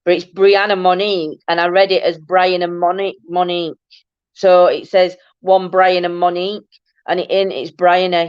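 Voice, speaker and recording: Yorkshire woman from Barnsley hosting a casual livestream, chatty and quick to laugh, dull dry recording. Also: on the low side, level tone, smooth, no room sound. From Yorkshire, England. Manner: chatty and laughing, broad dialect. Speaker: livestream host. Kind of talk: casual chat reading viewer comments.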